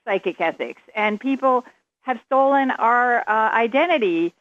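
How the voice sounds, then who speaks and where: A woman's voice: on the high side, lively intonation, measured pace, no echo. A woman speaking firmly and emphatically as a psychic guest in a radio interview. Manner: firm and emphatic. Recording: dry, muffled radio sound.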